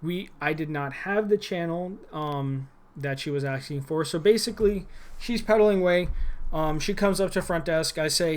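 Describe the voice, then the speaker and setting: A man's voice: on the high side, normal speed. A young man ranting about a former job in a rambling, irritated way, with frequent restarts and fillers. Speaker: former gym employee. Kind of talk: casual vlog rant.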